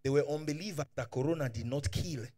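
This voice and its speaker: A man with a Nigerian accent preaching a sermon as pastor, fervent, swinging from hushed to shouting, and dropping Pidgin asides. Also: a little high, fast.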